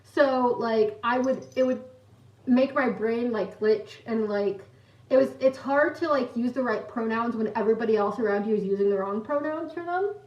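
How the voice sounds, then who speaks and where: A young woman with a high-leaning, darkish voice at normal speed is livestreaming, giggling as she rambles through a story and says hello to viewers in chat. The mic sits at a distance in an echoey room, giving a dull, lo-fi sound.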